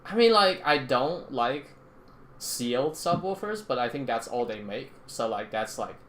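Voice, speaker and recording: A man's voice: mid-range voice, big pitch swings, a little slow, fairly bright tone. A man in casual chat who rambles, with many fillers and restarts, and swears when he gets worked up. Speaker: podcast co-host.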